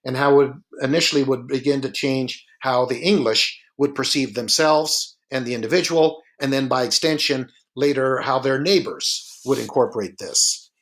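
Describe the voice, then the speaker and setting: A man narrating a slideshow lecture in a relaxed, explanatory way, with frequent filler sounds, sometimes stretching words slowly for emphasis. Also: medium pitch.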